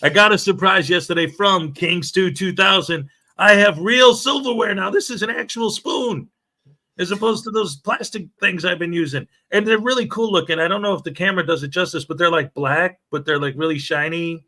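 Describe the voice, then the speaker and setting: A man hosts a casual morning livestream, chatting and joking while reading viewer comments aloud. His voice sits high and sounds pushed and bright, at a normal speed.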